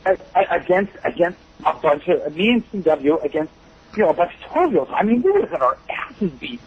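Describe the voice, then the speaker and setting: A man's voice: high-pitched, big pitch swings, brisk, husky, narrow, tinny audio. A man being interviewed as a wrestling guest, telling rambling stories and laughing often. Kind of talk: shoot interview storytelling.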